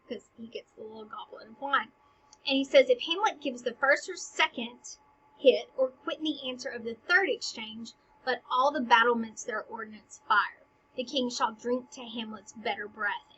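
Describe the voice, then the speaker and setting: Chatty woman, breathy and bright, lo-fi. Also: fairly high pitch. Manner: chatty, paraphrases lines in modern slang; often drops to a whisper. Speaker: teacher. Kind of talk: casual retelling of a play. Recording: dull lo-fi recording.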